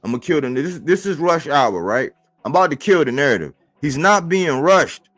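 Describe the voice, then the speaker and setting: Male boxing streamer, slightly high voice, casual slangy rant, repeats lines for emphasis, soft music underneath. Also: moderate pace. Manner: animated, rhetorical, slangy, repeats phrases. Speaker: boxing commentator. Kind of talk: casual boxing talk monologue. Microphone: live-stream mic.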